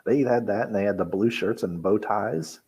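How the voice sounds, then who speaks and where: A man with a very low, husky voice offers wry, laid-back remarks on an old wrestling match. He often hesitates and reaches for his words with fillers. His tone stays easygoing and dry. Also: normal speed, a little mellow. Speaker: podcast co-host. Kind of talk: casual commentary over a wrestling match.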